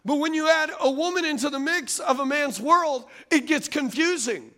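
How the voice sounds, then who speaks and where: A middle-aged man preaching a sermon as pastor, animated and conversational, with asides to the congregation. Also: very high-pitched, normal speed.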